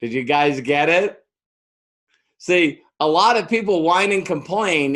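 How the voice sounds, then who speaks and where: A middle-aged man giving a motivational business training talk, telling stories and acting out the quoted voices. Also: a little high. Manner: storytelling, acts out quoted voices.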